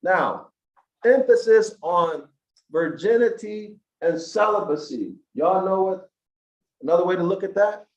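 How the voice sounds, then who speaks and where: A man with a slightly high voice lectures slowly and emphatically, his rising into preachy questions to the listeners. The sound is dull and lo-fi, and an echoey room rings around him. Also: expressive. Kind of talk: lecture to an online audience.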